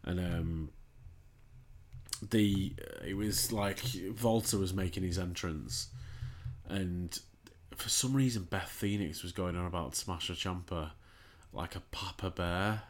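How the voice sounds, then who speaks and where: A man's voice: sits low, slow. A young man co-hosting a casual chat, rambling in a laid-back way with hesitations. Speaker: podcast co-host.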